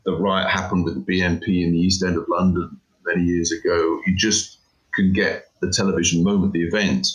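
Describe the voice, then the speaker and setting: A man's voice: sits low, little pitch movement, brisk, poor audio. A middle-aged man, an interview guest who talks about his work in an emphatic, rambling way and says "you know" often. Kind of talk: casual interview chat.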